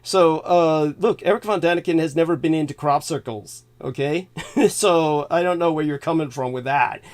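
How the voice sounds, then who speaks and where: Fairly high-pitched and moderately paced, a man from California co-hosts a livestream. In the conversation he lectures insistently, talking right over interruptions.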